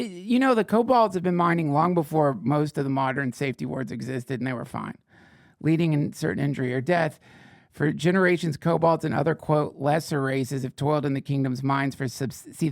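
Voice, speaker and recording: Male podcast host, gravelly, dry studio sound, swearing, sarcastic news-reading riffs. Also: fairly high pitch, no echo. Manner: profane, sarcastic asides, rambling. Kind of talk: comedic reading of fake fantasy news.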